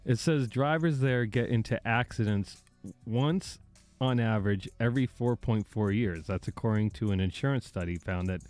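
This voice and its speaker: A man's voice: lowish voice, normal speed, a little mellow, soft background music. A man from the area, hosting a casual podcast chat, profane and mocking, laughing often. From Boston area. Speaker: podcast host.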